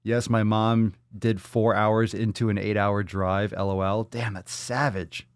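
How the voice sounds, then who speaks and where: A man's voice: level tone, a little slow, clean tone, no room sound, clean studio sound. A man hosting a podcast in a loose, profane, joking chat, reading viewer comments aloud. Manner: coos softly in a high baby-talk voice at a pet. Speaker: podcast host. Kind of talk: casual live-stream chat.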